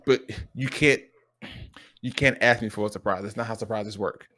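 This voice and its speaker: A man in a casual, heartfelt chat, talking with lively emotion and frequent restarts. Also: fairly low pitch, moderate pace. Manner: animated, emotional, lots of restarts and quoted dialogue. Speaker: streamer.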